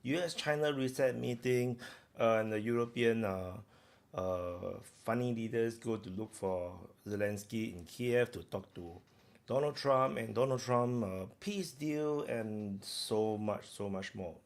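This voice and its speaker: Talking casually to his live-stream audience, a man rambles through gaps with chatter, fillers and restarts. His mid-range voice is gravelly and a little slow.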